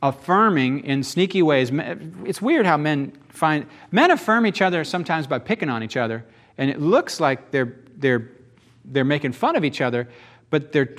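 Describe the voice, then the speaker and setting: A man's voice: on the high side, very animated, normal speed, a bit bright. A man preaching a sermon in a folksy, conversational way, often asking the congregation rhetorical questions. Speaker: pastor.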